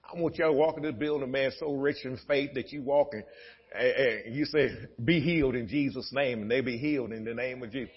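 A male pastor preaching a sermon in a church sanctuary, moving between easy storytelling and shouted, laughing exhortation. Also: mid-range voice, lively intonation, quick pace, slightly rough.

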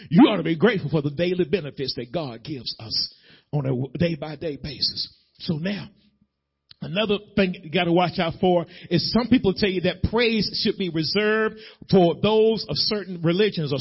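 A man's voice: high voice, moderate pace, slightly rough, muffled recording. A man preaching a sermon in a folksy, emphatic way, addressing the congregation directly in a church sanctuary. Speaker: pastor.

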